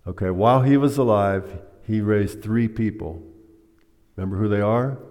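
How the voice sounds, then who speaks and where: A man's voice: on the low side, normal speed, a little mellow. A man preaching a sermon, teaching by asking the congregation questions. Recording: long hall reverb.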